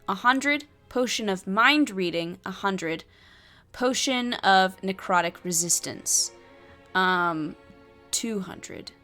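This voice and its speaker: A woman's voice: mid-range voice, pushed and bright. A woman reading and playing through a solo tabletop adventure, with chatty asides and many fillers. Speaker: solo game player and narrator.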